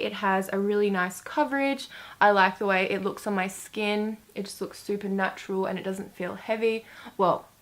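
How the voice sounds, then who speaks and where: A woman's voice: medium pitch, fairly bright tone. A young woman chats her way through a makeup tutorial. She talks casually and loosely, with plenty of filler words. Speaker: beauty vlogger.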